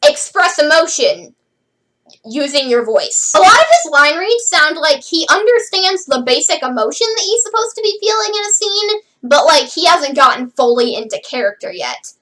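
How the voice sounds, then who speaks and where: A woman reviewing a show in a casual, sarcastic way, her high voice swooping up and down as she goes. She has a bright, sharp tone and keeps dropping "like" into her sentences. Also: big pitch swings, moderate pace, low-quality recording. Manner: chatty, sarcastic, lots of "like" fillers. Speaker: host reviewing a TV series.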